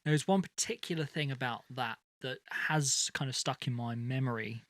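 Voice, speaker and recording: A man's voice: mid-range voice, normal speed, a bit bright, no room sound. A man co-hosting a casual podcast chat, chatty with short replies. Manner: chatty, brief backchannel replies. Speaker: podcast co-host.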